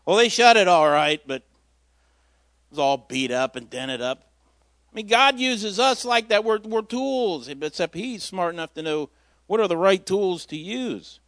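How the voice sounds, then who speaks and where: A man's voice: high-pitched, animated, a little slow, a bit bright, no echo. A man, a lay preacher, giving an informal sermon in a folksy, storytelling way with self-deprecating humor. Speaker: lay preacher filling in at church.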